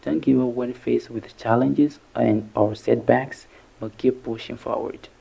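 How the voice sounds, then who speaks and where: Very gravelly, dark-voiced male teacher. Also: medium pitch, fairly even intonation, dull audio. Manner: breaks words into syllables slowly and carefully. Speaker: English teacher. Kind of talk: vocabulary lesson narration.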